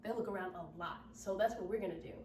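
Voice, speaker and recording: A woman teaching children an acting lesson, explaining slowly and patiently and often asking "right?". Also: mid-range voice, darkish tone, a little hiss or hum. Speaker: drama teacher. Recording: roomy echo, from mic distance.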